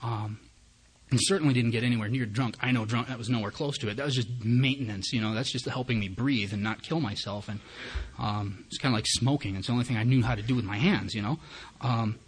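A man's voice: medium pitch, fast, husky. A man giving personal recovery testimony at a meeting, a candid and self-mocking storyteller who acts out his own thoughts.

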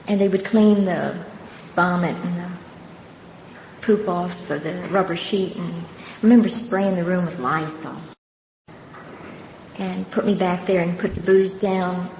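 An older woman giving her personal testimony at a recovery meeting, telling her story earnestly and unhurriedly with pauses and soft laughs. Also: lowish voice, steady tone. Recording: dull, roomy hall recording with faint background noise.

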